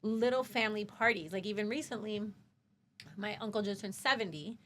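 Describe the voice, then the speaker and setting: A woman's voice: mid-range voice, a little fast, a little hiss or hum. A woman who works in hospitality, a podcast guest telling family stories in casual conversation and acting out quoted dialogue with frank, salty language. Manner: animated, acts out quoted dialogue, swears freely.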